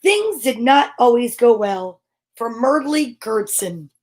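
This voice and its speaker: Storyteller: woman, high voice, slow expressive picture-book reading with gasps and whispered sound effects. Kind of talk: reading picture books aloud on a live stream.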